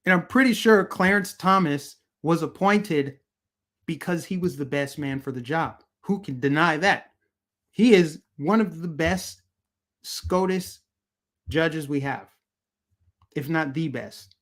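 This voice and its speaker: A man hosts a live-streamed political commentary show, talking to his chat in a heated, emphatic rant. He hammers his points home through repetition, and his voice sits fairly high for a man. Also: animated, a little slow, fairly bright tone.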